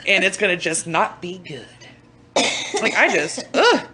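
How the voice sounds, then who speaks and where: A woman's voice: lowish voice, measured pace, slight background noise. Blunt, swearing young woman podcaster. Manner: blunt, swears freely, animated storytelling. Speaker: podcast co-host. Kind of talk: casual chat.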